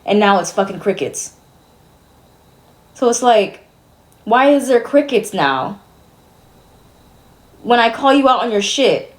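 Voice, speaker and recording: A woman's voice: on the high side, expressive, slow pace, long pauses. A young woman streamer venting to her chat, exasperated and swearing as she rambles.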